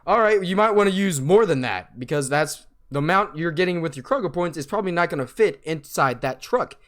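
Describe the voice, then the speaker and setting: A young man with a high voice rants through a casual story, exasperated and swearing freely. He acts out the voices of the people in it as he goes. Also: animated, a little fast, fairly bright tone. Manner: profane, exasperated, acts out quoted lines. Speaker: vlogger.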